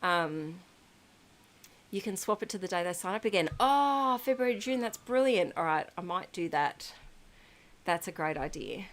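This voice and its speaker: A woman's voice: on the low side, expressive, normal speed. A woman in her thirties chatting casually on a live stream, reading out viewers' messages with frequent ums and giggles. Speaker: livestream host reading chat.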